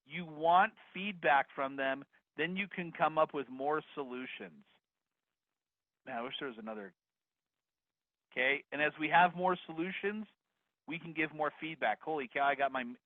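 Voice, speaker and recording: A man's voice: a little high, moderate pace, no echo. Upbeat man teaching over a video call. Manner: energetic, upbeat, addresses attendees directly. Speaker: real estate investing instructor. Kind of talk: live online course teaching. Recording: dry phone-like video call audio.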